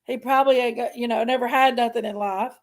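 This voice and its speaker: A woman hosting a casual live stream from her couch at home, a little hoarse from allergies and talking in a rambling, chatty way. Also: on the high side, fairly even intonation, fast talker, rough recording.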